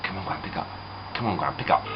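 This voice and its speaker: A man's voice: low-pitched, animated, fast. A young man from England, chatting casually and rambling to camera. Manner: chatty, rambling, many fillers. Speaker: vlogger. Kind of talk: casual vlog chat. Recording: dull camera audio with background noise.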